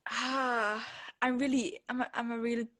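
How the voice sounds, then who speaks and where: A woman's voice: on the high side, little pitch movement, moderate pace, fairly bright tone, no room sound. Teenage girl, from Germany, German native speaker, hesitant and giggly, many fillers, dry recording. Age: late teens. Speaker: interviewer, writer. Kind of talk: casual interview chat.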